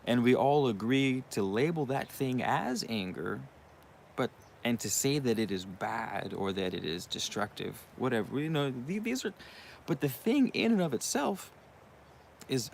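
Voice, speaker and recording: A man's voice: medium pitch, gravelly, a little hiss or hum. A young man hosting his own channel, talking in a rambling, casual monologue with frequent swearing and asides. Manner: profane, rambling, uses you know what I mean often. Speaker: channel host.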